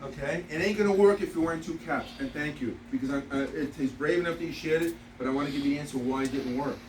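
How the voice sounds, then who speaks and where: A man's voice: fairly high pitch, fast. A man in his fifties leading a motivational sales training session, blunt and repetitive, laughing through his stories. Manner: animated storyteller, laughs through anecdotes; blunt, repeats key points. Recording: roomy, distant, noisy room recording.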